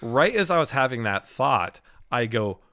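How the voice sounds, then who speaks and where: A man co-hosting a Christian podcast, telling a personal spiritual experience in a casual, animated way, laughing often and restarting his sentences. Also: mid-range voice, a little slow. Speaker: podcast co-host. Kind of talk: casual faith testimony.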